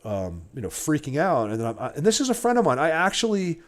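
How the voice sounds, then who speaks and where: A man's voice: fairly high pitch, wildly swooping pitch, quick pace. A man in his forties chatting casually to his livestream viewers, rambling and emotional, often stammering and repeating words. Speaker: livestreamer and Bigfoot hunter.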